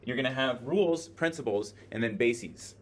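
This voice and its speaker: A man with an animated, mid-range voice at normal speed teaches a lecture in a classroom with a screen, thinking aloud and using many filler words. A video camera in the room recorded him, leaving a little hiss or hum.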